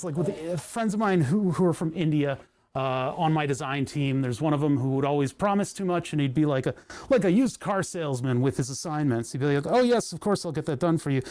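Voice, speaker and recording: Working on electronics during a live stream, this New Jersey man rambles casually and chuckles while thinking aloud. He has a voice on the high side with a slightly mellow quality.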